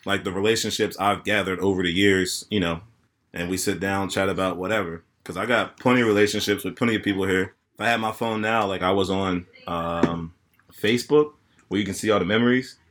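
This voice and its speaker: Bright-voiced man hosting a podcast in his thirties. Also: sits low, fairly even intonation, a little fast, a little hiss or hum. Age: 30s. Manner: rambling, easygoing, laughs often. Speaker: podcast host and bartender. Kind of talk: casual birthday podcast chat.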